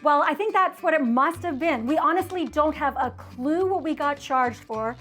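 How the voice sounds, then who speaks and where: A woman's voice: sits high, animated, normal speed, fairly bright tone, soft background music. A woman co-hosting a travel vlog, telling stories and giving tips in a chatty way that breaks into laughs easily. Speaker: travel vlogger co-host. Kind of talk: casual travel tips chat.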